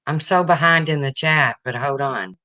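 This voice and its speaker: A woman's voice: sits low, normal speed, pushed and bright, no echo, highs cut off. A woman hosting a casual livestream chat, emotional and reading viewer comments aloud. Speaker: livestream host.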